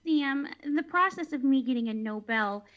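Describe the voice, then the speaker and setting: A woman's voice: sits high, animated, moderate pace. A woman playing a polite, modest woman scientist in an amateur drama clip. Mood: prim. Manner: prim, polite. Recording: dull lo-fi clip audio.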